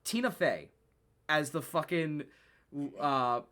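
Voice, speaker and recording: A man co-hosting a casual podcast chat, excitable and rambling, with frequent swearing. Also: a little high, takes it slowly. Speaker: podcast co-host.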